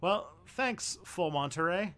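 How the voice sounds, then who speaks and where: A man's voice: high voice, animated, slow pace, a bit bright, clear, resonant tone. A young man hosting a casual livestream, answering viewer questions in a rambling way, thinking aloud with fillers and restarts.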